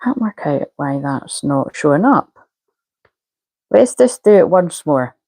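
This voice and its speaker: A woman's voice: low voice, expressive, slow, warm tone, no room sound, poor audio. A woman, a spiritual coach chatting casually on a live stream and muttering to herself while she fiddles with settings.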